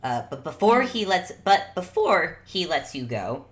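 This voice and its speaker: A woman's voice: lowish voice, sing-song, measured pace. A woman running a tabletop game as game master, narrating in a rambling, self-correcting way with frequent laughs.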